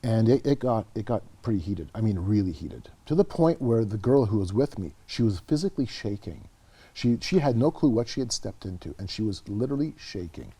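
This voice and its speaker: A man's voice: lowish voice, fairly quick, breathy edge. A middle-aged Canadian man, a guest and author, telling stories earnestly in an interview, often repeating words as he goes. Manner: earnest, animated storyteller who repeats words. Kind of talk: conversational interview storytelling.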